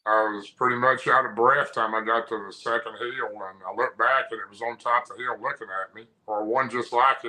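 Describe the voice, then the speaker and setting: A man's voice: mid-range voice, bright, forceful tone, poor audio. A man, a guest on an interview, telling a personal story in a rambling, folksy way with frequent restarts. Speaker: guest recounting an encounter. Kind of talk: casual storytelling.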